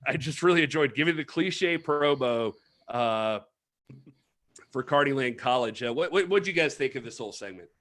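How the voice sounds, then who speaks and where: A man's voice: mid-range voice, lively intonation, normal speed. A man hosting a wrestling podcast in casual chat, reading out chat messages and laughing often. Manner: laughing, reads chat shout-outs, does impressions. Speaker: podcast host.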